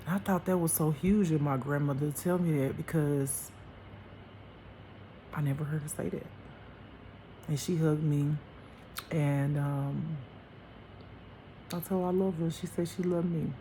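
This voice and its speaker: A woman's voice: deep voice, fairly even intonation, a little slow, long pauses, warm tone, a little hiss or hum. A woman giving a casual spiritual monologue as a life teacher, emphatic and chatty, laughing often and calling her listeners honey and baby. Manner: uses endearments like honey and baby.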